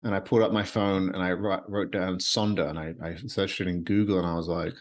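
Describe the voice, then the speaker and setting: A man's voice: sits low, fairly even intonation, a little fast. A man hosting his own podcast at night from his apartment, talking alone in an earnest, rambling way that often repeats phrases. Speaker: podcast host. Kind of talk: solo reflective podcast monologue.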